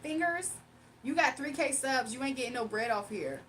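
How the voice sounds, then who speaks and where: A woman's voice: sits high, animated, moderate pace, fairly bright tone, slight background noise, rough recording. A woman hosting a livestream with a faint foreign accent, talking back to her chat in a sassy, casual way. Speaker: livestream host.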